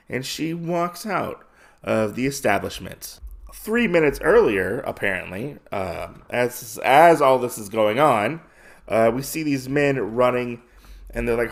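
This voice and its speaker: Brief: male podcast host, casual and rambling, gravelly voice at a middle pitch. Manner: rambling, with many fillers. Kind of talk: casual comic recap.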